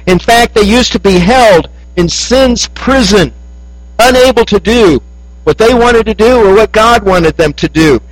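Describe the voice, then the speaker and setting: A man preaching a sermon, telling a story that rises high and then drops soft. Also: measured pace, no room sound, rough recording.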